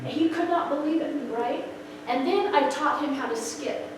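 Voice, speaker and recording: A middle-aged woman telling a personal testimony with expressive, story-driven delivery. She acts out the people in her story and her voice rises sharply at emotional moments. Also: high-pitched, normal speed. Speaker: speaker sharing a personal testimony. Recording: echoey room, far from the mic, background noise.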